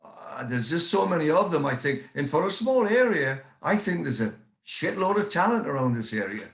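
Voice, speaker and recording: A middle-aged man from England with a softened English accent, chatting casually as a guest on a podcast and often repeating words for emphasis. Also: on the high side, big pitch swings, moderate pace. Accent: English, softened by years in the United States. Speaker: guest musician and promoter. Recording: roomy echo.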